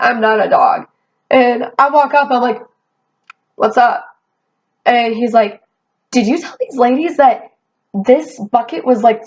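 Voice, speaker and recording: A young woman telling a casual storytime rant, animated and swearing, quoting herself as she goes. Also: a little high. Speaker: vlogger. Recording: dull lo-fi sound.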